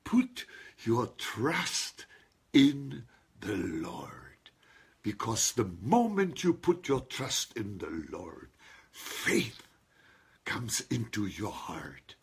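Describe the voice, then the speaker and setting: A man's voice: lowish voice, wildly swooping pitch, extremely slow, breathy edge. A man preaching a sermon, stressing single words and calling on his listeners to respond. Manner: emphatic, calls on listeners to respond.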